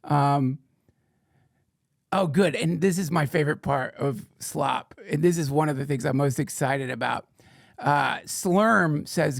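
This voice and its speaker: Rambling, excitable man with a gravelly voice. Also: a little high, normal speed, dry recording, studio quality. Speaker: podcast host. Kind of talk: casual chat.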